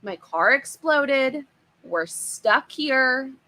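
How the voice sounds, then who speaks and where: A woman voicing a panicked father who shouts and pleads about his wrecked car. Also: high voice, big pitch swings, a little slow, pitched above the performer's own voice, full character voice. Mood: frantic. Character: frantic red-faced dad, loud and desperate.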